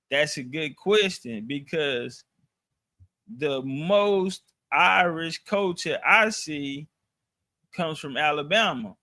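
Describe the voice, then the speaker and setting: Slow-talking man with a high bright voice. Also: no room sound. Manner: loose slangy storytelling with profanity and restarts. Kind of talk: casual storytelling talk.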